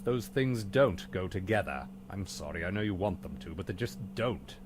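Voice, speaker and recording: An actor playing a weary, dry-witted butler in a game, speaking in a formally polite, deadpan way. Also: male voice, low-pitched, normal speed, background noise. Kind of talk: video game voice acting.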